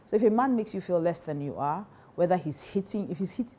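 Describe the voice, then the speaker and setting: A woman's voice: lowish voice, expressive, brisk, mellow, a little hiss or hum. A woman pastor with a Nigerian accent giving emphatic advice to women, repeating key phrases and laughing often. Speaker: pastor and counselor.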